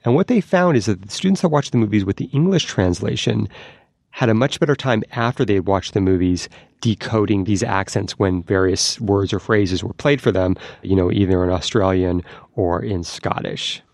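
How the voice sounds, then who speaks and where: Male science correspondent, low and gravelly, dry close-mic podcast sound, explains eagerly. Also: moderate pace, dry recording. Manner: lively, explanatory, demonstrates sounds.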